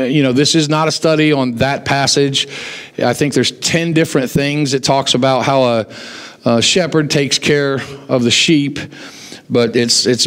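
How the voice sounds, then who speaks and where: A pastor preaching a sermon, telling stories and acting out the voices of the people in them. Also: male voice, a little high. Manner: animated storyteller, acts out quoted voices. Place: church sanctuary. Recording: long hall reverb in a church.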